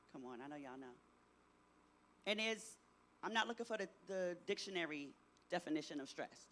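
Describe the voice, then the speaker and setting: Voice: medium pitch, fairly bright tone. Middle-aged workshop presenter, interactive talk to teens, keeps checking in with "right?", faint background noise. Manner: keeps asking the audience, tags "right?".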